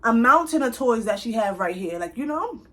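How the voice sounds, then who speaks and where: A young woman telling a casual storytime straight to her viewers, chatty and animated, with speech. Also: fairly high pitch, moderate pace. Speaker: vlogger.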